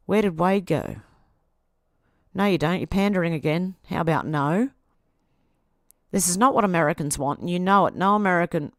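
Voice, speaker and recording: Her pitch fairly low and her speed normal, the Australian host pauses often while reading posts from social media on her livestream, answering each with sarcasm. There's no echo, and the sound is studio quality.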